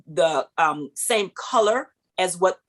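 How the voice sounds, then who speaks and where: Middle-aged woman singer telling a story, super animated, jumps way up high when she quotes people. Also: slow pace. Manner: animated, acts out quoted voices with big pitch jumps. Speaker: guest, singer. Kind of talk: storytelling in an interview.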